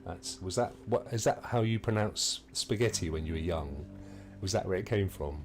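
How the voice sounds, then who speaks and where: Streamer: middle-aged Englishman, low-ish voice, animated and jokey with his chat. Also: moderate pace, slight background noise. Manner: chatty and jokey, talks to viewers. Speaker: game streamer. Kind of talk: casual let's-play commentary.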